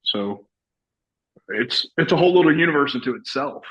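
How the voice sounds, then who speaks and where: A man's voice: mid-range voice, animated, moderate pace, fairly bright tone, rough recording. A middle-aged man, chatting as a guest in a casual interview and rambling through stories with lots of restarts and laughs. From Texas. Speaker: guest, actor and retired soldier.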